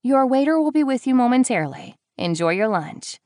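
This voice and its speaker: A woman's voice: fairly high pitch, sing-song, fairly quick, no room sound, studio quality, pitched above the performer's own voice. A woman voicing a perky, friendly young restaurant hostess with a polite manner. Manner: bright, polite.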